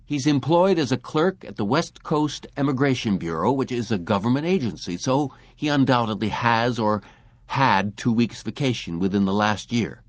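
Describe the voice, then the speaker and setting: A man's voice: mid-range voice, animated, moderate pace, no room sound, close to an everyday voice. A man voicing an irritable male boss who talks curtly and impatiently. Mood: irritated. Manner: curt, impatient.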